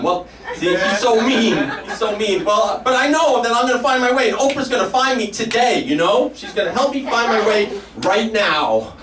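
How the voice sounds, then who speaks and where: A man's voice: sits high, expressive, fairly quick, a bit bright. A man performing a self-deprecating comic story live at a small café, laughing through his lines. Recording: roomy live room from a distance, faint noise.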